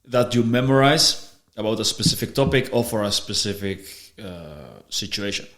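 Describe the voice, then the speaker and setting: A man with a fairly low, expressive voice and a fairly bright tone hosts a podcast at normal speed. He explains ideas in relaxed conversation, frequently restarting and repeating himself, and the recording sounds echoey and roomy.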